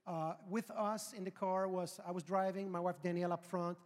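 A pastor in his forties telling a funny story in a sermon, animated and building to loud emphasis. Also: high-pitched, normal speed. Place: large church auditorium. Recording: reverberant hall with faint music.

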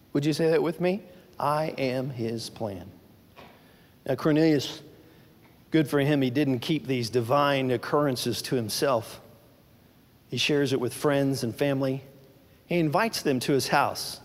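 A man's voice: medium pitch, unhurried, pauses often, big-room sound. A male pastor delivering a sermon, preaching emphatically and asking the congregation questions.

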